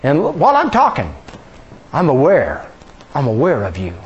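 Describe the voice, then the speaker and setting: A man's voice: fairly high pitch, wildly swooping pitch, normal speed, slightly rough, highs cut off. A male pastor preaching a sermon in a church, conversational, with many rhetorical questions. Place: church sanctuary.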